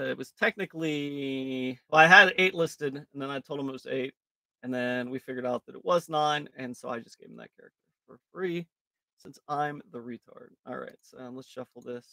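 A man's voice: medium pitch, vocal fry, sharp tone, no room sound, clean studio sound. A man hosting a live card break stream in casual chat, jokey and self-mocking, rambling with fillers and laughing often.

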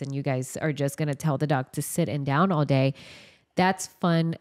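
A woman's voice: low-pitched, normal speed, darkish tone. A woman dog trainer, a guest on a podcast, telling stories in a chatty, rambling way. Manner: chatty storyteller, loose and rambling. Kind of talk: casual podcast conversation.

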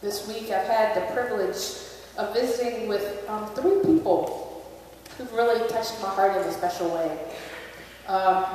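A woman's voice: medium pitch, a little mellow, slight background noise. A woman pastor giving a Christmas Eve sermon, telling a story in a conversational way. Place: large church sanctuary. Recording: echoey church hall, distant mic.

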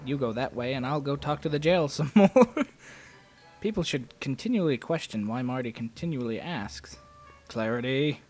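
A man's voice: medium pitch, lively intonation, normal speed, darkish tone, faint music behind. A man playing a video game and commenting, rambling goofily and telling jokes. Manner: goofy, rambling joke-telling. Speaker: let's play host. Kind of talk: let's play commentary.

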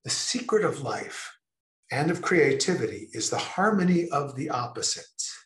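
A man leads an online creativity talk, delivered in an expressive lecture style with emphatic, drawn-out pauses. His voice sits at an ordinary male pitch. The recording sounds roomy and echoey. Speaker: speaker presenting a creativity session.

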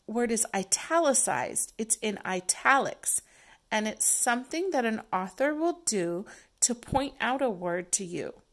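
Patient woman teacher reading to young children; slow, lively intonation. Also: a little high. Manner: patient, explanatory.

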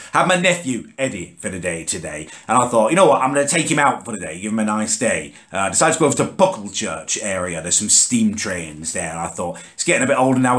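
Exasperated ranting bloke. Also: male voice, lowish voice. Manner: exasperated, sweary, rants with lively rises and sudden drops. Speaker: ranting vlog host. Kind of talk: comic character rant to camera.

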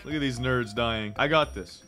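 A young man hosting a gaming channel, joking through excited commentary, jumping between loud shouts and mumbled asides. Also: mid-range voice, normal speed. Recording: game music behind voice.

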